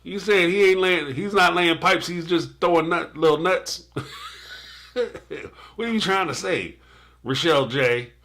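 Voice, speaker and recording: A man's voice: fairly high pitch, unhurried, long pauses, fairly bright tone. A man hosting a casual live stream, reacting to a TV episode and reading out viewer super chats with jokes, playful asides and frequent laughter.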